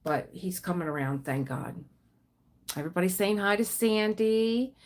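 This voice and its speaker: A woman hosting a live stream in a relaxed, chatty way, greeting viewers by name between stories. Her pitch sits in an ordinary middle range for a woman. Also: normal speed. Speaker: livestream host. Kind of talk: casual livestream chat.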